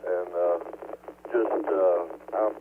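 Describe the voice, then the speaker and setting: A man's voice: low voice, flat delivery, slow pace, very noisy. Man on a tinny, staticky radio. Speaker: radio net caller. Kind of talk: casual radio chat.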